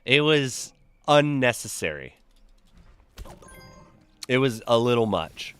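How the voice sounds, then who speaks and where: A man's voice: mid-range voice, big pitch swings, takes it slowly, a bit bright, smooth. Joking, profane man streaming a game. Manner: loose, profane, joking storyteller reading chat. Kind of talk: casual stream chat with viewers.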